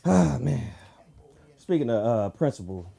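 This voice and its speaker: A man works through a crude open-mic stand-up set at a comedy club. His voice swings widely in pitch, and he jumps into shrill voices to act out the characters. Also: very animated, measured pace, creaky, warm tone. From Southern California.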